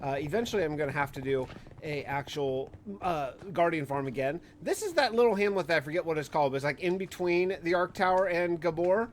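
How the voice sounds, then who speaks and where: A man's voice: fairly high pitch, lively intonation, a little fast, slight background noise. A man giving casual, rambling commentary over his own gameplay, often correcting himself mid-sentence. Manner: rambling, self-correcting, gets exasperated. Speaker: Minecraft YouTuber.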